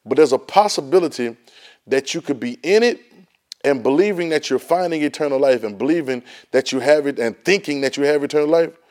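A man's voice: medium pitch, a little mellow. Emphatic man teaching a Bible class. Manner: repeats words when restarting, folksy and emphatic. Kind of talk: Bible study lesson, preaching.

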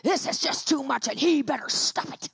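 A woman doing her husband, ranting and shouting. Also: high voice, normal speed, creaky, no echo, clean studio sound. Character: her angry ranting husband, a grown man.

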